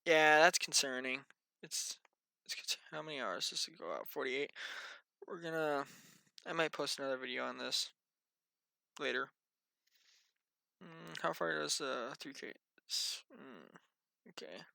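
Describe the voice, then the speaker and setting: A man's voice: mid-range voice, a little slow, gravelly, long pauses, bright, forceful tone, no room sound. A tired, yawning man giving a casual, rambling weather briefing and muttering to himself as he thinks aloud. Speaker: amateur weather vlogger.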